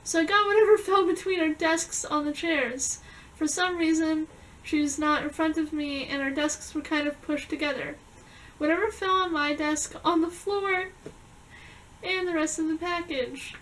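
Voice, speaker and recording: High-voiced young woman telling dreams. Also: steady tone, a bit bright, far from the mic, slight background noise, low-quality recording. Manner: chatty storytelling with quick asides. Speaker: vlogger. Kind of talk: reading a dream journal to camera.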